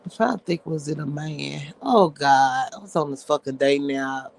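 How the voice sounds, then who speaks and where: High-voiced man, sassy profane rant. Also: moderate pace, creaky. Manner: blunt, profane, sassy ranting. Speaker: show host. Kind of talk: casual livestream rant.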